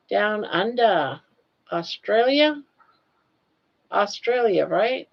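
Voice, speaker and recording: Slow, gravelly-voiced older woman chatting live. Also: mid-range voice, animated, highs cut off. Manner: chatty and folksy, drawing out viewers' names slowly. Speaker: livestream host. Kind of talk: casual live chat, reading viewer comments.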